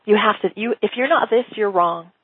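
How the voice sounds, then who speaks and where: A woman business coach talks through ideas in a casual, animated teaching style and keeps slipping into quick acted-out exchanges. Her voice is a little husky and breathy. The recording is dry and tinny, like a phone call. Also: medium pitch, dry recording. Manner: animated, acts out quoted dialogue, laughs often.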